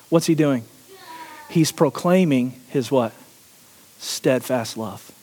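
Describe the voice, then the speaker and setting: A man's voice: medium pitch, expressive, unhurried, pauses often, a little mellow, in a large hall. A man preaching a sermon, asking the congregation questions and often laughing. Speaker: pastor.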